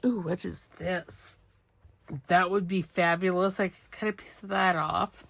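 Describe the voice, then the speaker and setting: Gravelly and fairly bright, this woman's low-leaning voice stays steady and unhurried, with no room sound. A middle-aged craft channel host, she chats casually during her vlog, making fun of herself and talking to herself as she cuts, sews and inks.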